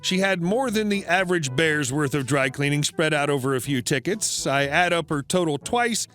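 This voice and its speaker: Man narrating a story over soft music. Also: a little high, lively intonation, moderate pace. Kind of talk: narrated internet story reading.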